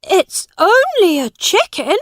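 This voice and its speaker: A high, shouting young prince, as a woman reads him. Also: wildly swooping pitch, slow, no room sound, studio quality, exaggerated voice. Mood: upset. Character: young boy prince, frightened and demanding.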